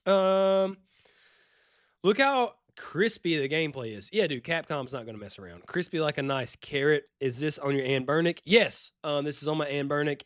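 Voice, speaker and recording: A man with a Louisiana accent, chatting and joking as he streams a retro game, now and then yelping with excitement. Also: a little high, clear, resonant tone, no echo, clean studio sound. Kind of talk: casual live-stream commentary. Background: faint game music.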